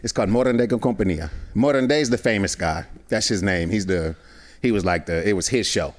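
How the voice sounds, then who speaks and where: A man's voice: on the low side, fast talker. A man, a guest actor and comedian, telling stories in a casual chat and acting out the voices of people in them. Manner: animated, acts out voices in his stories. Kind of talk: casual storytelling.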